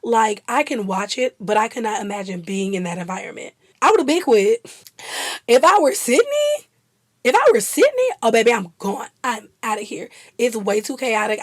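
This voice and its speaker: A woman's voice: mid-range voice, normal speed, no echo. A young woman chatting casually and laughing often as a vlogger. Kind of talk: casual chat.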